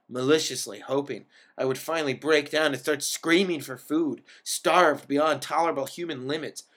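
A man reading a first-person story aloud, in a wry and expressive way that lifts into sudden emphatic bursts. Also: mid-range voice. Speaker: reader of a story.

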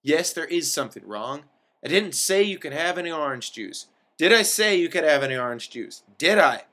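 A man's voice: fairly high pitch, expressive, moderate pace, sharp tone. A man voicing a lonely, pompous man with an affected brogue and a histrionic way of talking. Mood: indignant. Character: lonely, pompous man who hoards his orange juice.

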